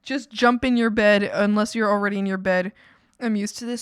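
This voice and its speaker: A woman's voice: medium pitch, steady tone, moderate pace, clean tone, no room sound, clean studio sound. A Canadian woman streamer chatting casually while she draws, laughing often and swearing casually, with some playful scolding.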